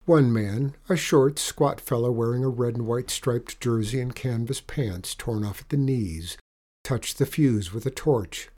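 Male storyteller, mellow tone, lively read-aloud of a children's adventure. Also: medium pitch, unhurried. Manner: expressive, animated story reading.

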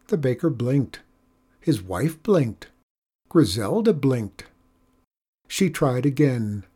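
A storyteller reading a folk tale aloud in a measured, expressive way. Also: mid-range voice, husky. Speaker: narrator. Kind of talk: storybook narration.

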